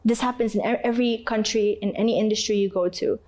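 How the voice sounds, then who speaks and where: A woman from Canada, a podcast guest, recounting her struggles in an emotional, animated way and repeating phrases for emphasis. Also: medium pitch, fast talker. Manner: animated, acts out others' voices and her own crying in quotes. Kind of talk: emotional personal storytelling.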